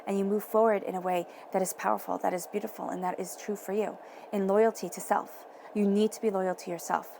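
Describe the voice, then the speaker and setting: A woman giving a tarot reading, speaking in a soft, encouraging way and repeating phrases for emphasis. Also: mid-range voice, flat delivery, brisk, gravelly, slight background noise. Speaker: tarot reader.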